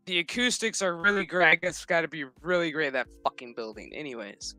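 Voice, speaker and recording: A man giving a crude, comedic recap of a TV episode, swearing often and slipping into quick mocking impressions of the characters. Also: a little high, bright, forceful tone, faint music behind. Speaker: show recap commentator.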